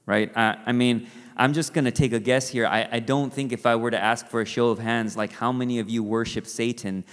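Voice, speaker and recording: A man's voice: mid-range voice, steady tone, fairly quick. Man, preacher, conversational sermon, rhetorical asides, long hall reverb.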